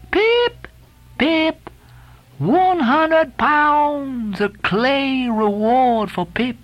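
A woman's voice: high voice, fairly bright tone, full character voice. A woman voicing a young, crazed ship's boy who rambles and calls out in a sing-song way.

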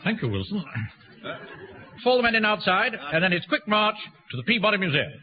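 An actor playing a pompous middle-aged captain who blusters and gives orders in a radio sitcom. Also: male voice, high-pitched, big pitch swings, fairly quick. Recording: muffled, hissy archive broadcast.

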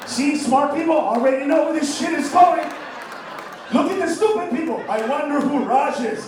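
A male stand-up comedian working a live club crowd, profane and prone to loud shouting rants. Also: very high-pitched, normal speed. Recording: echoey live club, distant mic, crowd noise.

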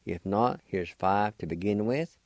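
A man hosting a radio language lesson, patiently spelling words out letter by letter and sounding out syllables slowly, repeating each one. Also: on the low side, no room sound.

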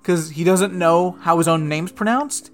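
A man's voice: high voice, measured pace. Profane ranting man in casual chat. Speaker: podcast co-host.

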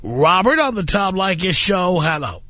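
Bright, high-voiced male radio host. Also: very animated, normal speed, slight background noise. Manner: wry, exasperated quips. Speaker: radio talk show host. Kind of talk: call-in radio talk. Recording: radio broadcast.

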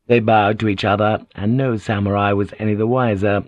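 A man narrating an audiobook in a measured, even reading. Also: on the low side, dry recording, highs cut off. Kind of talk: scripted narration.

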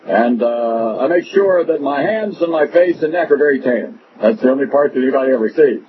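A man's voice: mid-range voice, animated, close to an everyday voice. A man mocking a boozy, vain politician. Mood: pompous, rambling. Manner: halting, rambling, full of uh. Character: boozy, vain male politician, rambling and self-admiring. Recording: muffled radio broadcast with noise.

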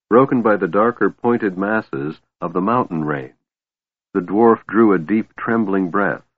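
A man with a very low voice reads a fantasy story aloud at a steady pace. The sound is thin and phone-like. It is dry, with no room around it. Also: slightly rough, dry recording. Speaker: audiobook narrator. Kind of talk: scripted fantasy narration.

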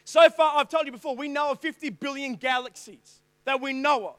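A man preaching a youth sermon, digressing freely and reading scripture in sudden loud, forceful bursts. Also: extremely high pitch, a little fast, dry recording. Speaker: youth pastor.

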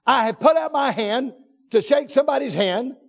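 A man preaching a sermon from the pulpit, emphatic, drawn out and repetitive, rising to shouts on his key points. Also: very high-pitched, lively intonation. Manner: drawn-out deliberate phrasing with repetitions. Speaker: pastor. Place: church sanctuary. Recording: long reverb of a large church hall.

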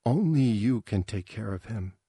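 A man reading aloud voicing a desperate human woman who pleads in halting words. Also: lowish voice, animated, mellow, slightly rough, no echo, studio quality. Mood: pleading.

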